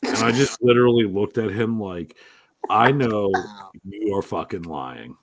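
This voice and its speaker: A podcast host with a somewhat low voice that swings widely in pitch as he tells crude, animated stories. He swears freely and keeps the banter loose and casual. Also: measured pace. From Italian-American. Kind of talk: crude comedic casual chat.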